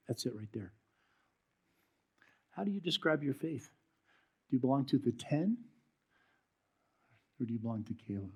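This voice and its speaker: A pastor preaching a sermon in a church, telling a story and putting direct questions to his congregation, then slowing into a soft prayer. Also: medium pitch, husky. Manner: closes in a slow, soft prayer.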